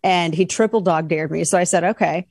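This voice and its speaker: A woman's voice: fairly low pitch, fairly quick, no echo. A middle-aged woman appearing as a talk show guest, telling stories and giving emphatic opinions. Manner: animated storyteller, emphatic. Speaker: guest commentator.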